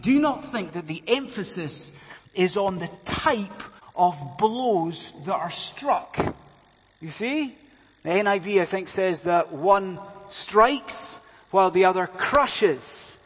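A man's voice: high-pitched, slight background noise. A male preacher delivering an earnest evening sermon, rising to fervent emphasis with rhetorical questions to the congregation. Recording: long reverb of a large hall.

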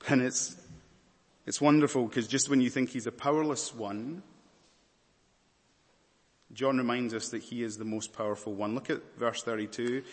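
A male preacher delivers a sermon in a mid-pitched voice, dramatic and emphatic, building points with repeated words and lists. A long reverb from a large hall trails each phrase. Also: normal speed, pauses often.

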